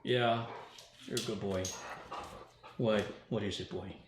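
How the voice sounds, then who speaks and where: A man's voice: lowish voice, fairly even intonation, takes it slowly, background noise. Casual man chatting in an echoey room. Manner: talks to his dog in a sing-song baby voice. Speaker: tech channel host. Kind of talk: casual vlog chat. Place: indoors at home. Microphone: studio microphone on a stand.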